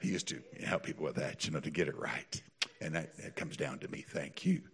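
A man preaching a sermon, telling stories with lively, animated delivery that climbs to excited peaks. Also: fairly quick. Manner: animated storytelling, builds to high excited peaks, laughs often. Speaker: pastor.

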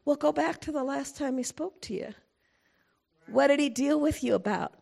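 A middle-aged woman preaching a sermon in an animated way, acting out quotes and laughing often. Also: sits high, normal speed, creaky.

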